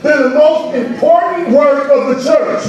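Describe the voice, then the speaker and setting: A man preaching a sermon, telling stories and rising to shouts on key points, in a large church. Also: very high voice, a little slow, lo-fi sound. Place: church sanctuary. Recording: far from the mic in a very echoey church hall.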